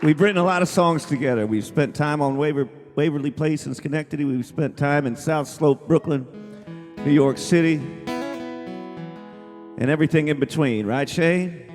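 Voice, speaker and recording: A man's voice: a little high, moderate pace. A singer-songwriter man telling a rambling story between songs on a small coffeehouse stage, talking into a stage mic with many restarts. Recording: live room with long reverb and guitar.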